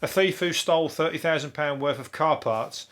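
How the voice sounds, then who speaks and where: A man's voice: a little high, normal speed, fairly bright tone. A man, a comedian hosting a solo news review podcast, talking in a rambling, heavily sweary way and laughing at his own jokes. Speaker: podcast host.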